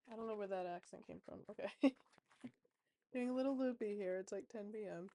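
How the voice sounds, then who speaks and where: Rambling woman with a mellow voice. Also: a little high, expressive, moderate pace, pauses often. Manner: rambling, chatty, many fillers. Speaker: tarot reader. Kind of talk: casual vlog chat.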